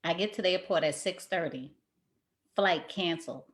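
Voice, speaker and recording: A woman hosting a casual talk show, telling stories in a lively way and acting out what people said. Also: fairly low pitch, normal speed. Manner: lively storyteller who acts out quotes. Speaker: host. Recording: roomy echo.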